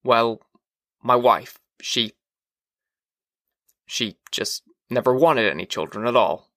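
A man voicing an uneasy, brooding fireman in an audiobook reading, hesitant and quiet. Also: medium pitch, slow, no room sound, clean studio sound. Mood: wistful.

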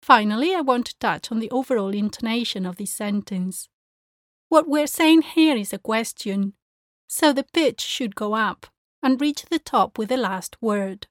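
A woman language teacher giving a pronunciation lesson, speaking clearly and carefully as she demonstrates sounds. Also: on the high side, animated, normal speed, no echo, studio quality.

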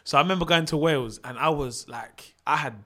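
A man chatting casually, telling animated stories full of slang and laughter. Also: a little high, brisk. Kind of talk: casual chat.

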